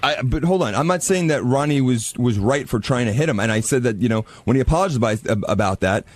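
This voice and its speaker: A man's voice: medium pitch, expressive, fast talker. A man in a heated on-air argument, defensive and talking over the others. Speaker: show staffer.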